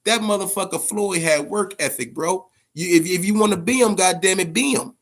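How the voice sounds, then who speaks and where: A man hosting a boxing podcast in loose, unscripted talk. His voice sits a bit high for a man, and it leaps up and drops down as he gets worked up. He swears freely and acts out stories as he goes. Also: normal speed. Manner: profane, animated storytelling with swings in pitch. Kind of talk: casual unscripted commentary.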